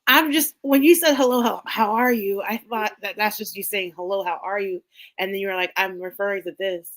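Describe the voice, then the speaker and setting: A woman's voice: medium pitch, fairly even intonation, brisk, fairly bright tone. A woman co-hosting a casual reading livestream over a video call, laid-back and teasing, mostly giving short replies. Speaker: podcast co-host.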